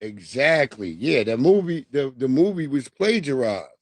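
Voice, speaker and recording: Man in his forties, livestream host, profane, animated, dry close sound. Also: medium pitch, moderate pace, no room sound. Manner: animated, profane, laughs often. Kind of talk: casual commentary.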